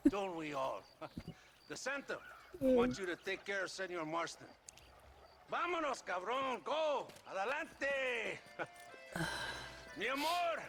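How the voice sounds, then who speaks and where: A man's voice: high voice, sing-song, slow, pauses often, pushed and bright, faint music behind, exaggerated voice. An actor playing a boastful, leering male army officer who laughs and mocks as he talks. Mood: gloating. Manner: laughing, mocking, theatrical. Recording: game audio with faint noise.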